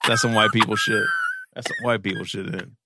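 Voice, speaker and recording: A man's voice: fairly low pitch, wildly swooping pitch, brisk, heavy background noise. A man hosting a casual radio show, chatting loosely with his co-host, laughing often and swearing freely.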